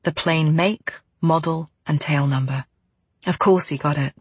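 A woman narrates a first-person novel in a steady, measured read. Her voice is husky and a little breathy. The recording is dry and close, with no room sound. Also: sits low, dry recording. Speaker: audiobook narrator.

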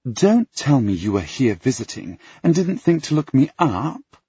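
A man with a raspy voice playing a brash, dramatic young noblewoman, pushed high and loud, in a dull, dry recording. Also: very animated, unhurried, dry recording, full character voice.

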